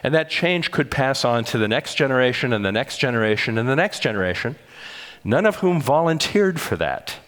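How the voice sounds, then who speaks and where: An older man delivers a conference lecture in a measured, explanatory way, pausing to correct himself now and then. His voice sits at an ordinary middle pitch. A long reverb from the large hall trails after his words. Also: lively intonation, a bit bright. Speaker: conference speaker. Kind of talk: public lecture.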